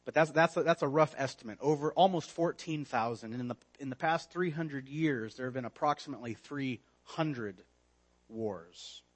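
A man preaching a sermon with emphatic repetition, letting phrase endings fall low and quiet. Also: moderate pace. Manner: emphatic, repeats words, drops low on phrase ends.

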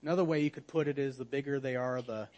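A man preaching a sermon in an earnest manner, often dropping to a hushed voice for emphasis. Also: mid-range voice, fairly even intonation, quick pace, dull audio. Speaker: pastor.

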